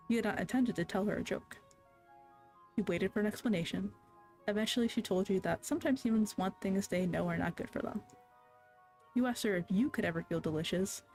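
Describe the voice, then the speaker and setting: A streamer reading a story game's narration aloud in a measured, even way, with small self-corrections. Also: mid-range voice.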